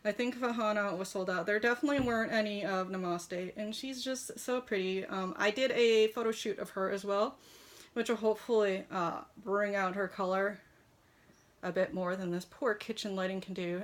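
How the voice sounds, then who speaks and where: A woman's voice: mid-range voice, normal speed, fairly bright tone. A woman chatting casually from her kitchen as she reviews a collectible model horse, gushing, with lots of fillers. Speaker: toy shop owner reviewing a model horse. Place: home kitchen.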